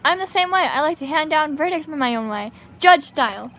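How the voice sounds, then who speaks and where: A woman's voice: sits high, expressive, fairly quick, fairly bright tone, a little hiss or hum. A woman voicing a fussy, flustered elderly male judge from a game, formal and hesitant in her reading. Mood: pleased. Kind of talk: reading game dialogue aloud.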